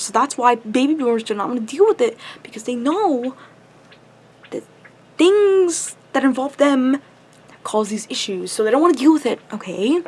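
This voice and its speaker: A young woman with a high voice vents to her camera in a long, impassioned rant. She sounds tired and up too late, and her frustration spills out in constant swearing. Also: darkish tone, slightly rough. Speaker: vlogger. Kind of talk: ranting to camera.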